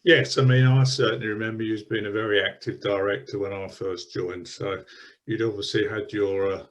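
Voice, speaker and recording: A man's voice: lowish voice, steady tone, a little fast. A man interviewing a longtime theatre member, asking questions in a friendly, encouraging way. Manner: friendly, encouraging, laughs easily. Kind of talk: conversational interview.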